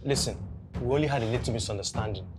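A woman voicing a pushy male boyfriend who demands to get inside, speaking forcefully from a distance. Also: a bass voice, very fast, over music, pitched below the performer's own voice. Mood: insistent. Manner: insistent, forceful.

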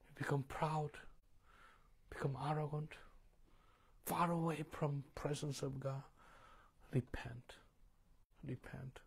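A man preaching a sermon, questioning the congregation and moving between loud emphasis and hushed tones. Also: a little high, fairly even intonation, slow, vocal fry, pauses often, husky. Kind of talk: sermon with call-and-response.

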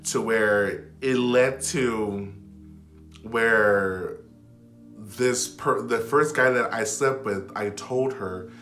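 Rambling low-voiced man in an echoey room. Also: extremely slow. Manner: rambling, filled with "like" and restarts; drops to a hush when retelling whispered moments. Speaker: vlogger. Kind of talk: casual storytelling to camera. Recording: echoey room with faint background music.

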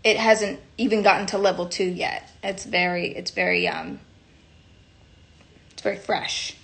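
A woman's voice: on the low side, very animated, measured pace, fairly bright tone. A young woman chatting casually on a phone livestream, giggling, rambling and cutting herself off mid-sentence. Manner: giggly, rambling, self-interrupting.

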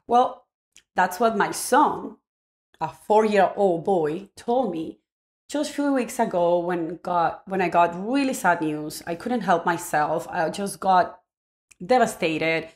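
Speaking straight to camera, a parenting vlogger whose first language is Spanish shares a personal story about parenting. Her middle-pitched voice is reflective and earnest, and she often restarts sentences while searching for words.

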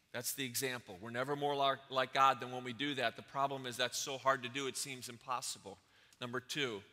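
Man preaching with a ringing, bright voice. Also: medium pitch, in a large hall. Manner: emphatic preaching with repeated phrases and swings in loudness. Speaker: pastor. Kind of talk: sermon.

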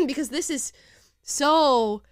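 A woman's voice: high-pitched, lively intonation, very slow, no room sound, clean studio sound. A young woman hosting a podcast, making sarcastic commentary on video clips and often breaking into laughter. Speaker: podcast host.

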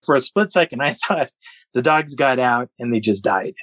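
Male guest storyteller, husky and animated, acts out sounds and voices, dry close recording. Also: medium pitch, normal speed, no echo, poor audio. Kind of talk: storytelling a personal encounter.

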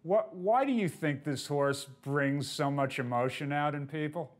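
A man's voice: fairly high pitch, unhurried. A man hosting a show and interviewing a guest, asking earnest questions that start with small stumbles.

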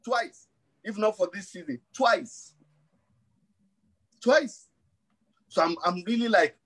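Man, fifties, pastor, high voice, emphatic preaching, repeated refrains, church sermon. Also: expressive, measured pace, long pauses, a bit bright, slightly rough, poor audio. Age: 50s.

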